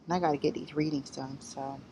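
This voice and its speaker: A woman's voice: sits low, fast, slight background noise, low-quality recording. A woman giving blunt, rambling spiritual advice in a casual vlog, outdoors among trees. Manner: rambling, blunt and profane, lively. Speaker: spiritual vlogger.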